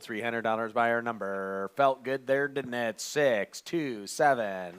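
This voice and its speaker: A man working as an auctioneer, calling live bids in a rapid, repetitive chant of numbers broken by coaxing questions to the bidders. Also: medium pitch, fairly bright tone, clear, resonant tone.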